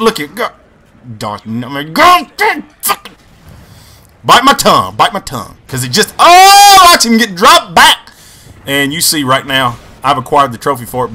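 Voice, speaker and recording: A man hosting his gaming channel, giving excitable, profane, rambling commentary over his own gameplay. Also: fairly high pitch.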